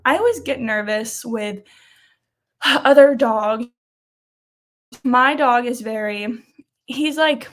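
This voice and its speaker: A young woman in her twenties hosting a casual weekly live chat, rambling and laughing often. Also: a little high.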